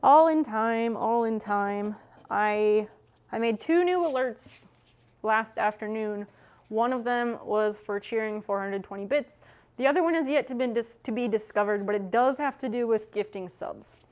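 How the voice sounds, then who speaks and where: A woman's voice: fairly high pitch, normal speed, darkish tone. A young adult woman streamer chatting casually with her viewers as she works, swearing freely. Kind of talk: casual chat with chat while working.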